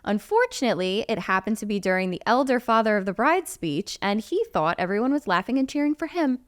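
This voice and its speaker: A woman co-hosting a casual wedding podcast who reads out listener stories, blunt and quick to laugh. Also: mid-range voice, lively intonation. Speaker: podcast co-host, wedding videographer.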